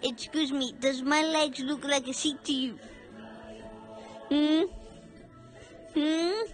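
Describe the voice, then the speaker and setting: A woman's voice: sits high, steady tone, slow pace, faint music behind. A Scottish woman chatting casually in a home vlog, giggling often and bluntly teasing her dogs. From Scotland. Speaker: vlogger.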